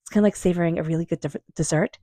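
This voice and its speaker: A woman doing a tarot reading, speaking in a calm, unhurried, affirming way and softly repeating invocations. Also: on the low side, dry recording, clean studio sound. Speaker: tarot reader. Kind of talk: tarot card reading monologue.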